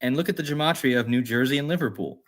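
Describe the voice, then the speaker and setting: Brief: male livestream host, casual and rambling, thinks out loud and reacts to chat, mid-pitched everyday voice. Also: quick pace. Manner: rambling, musing aloud, reads chat comments.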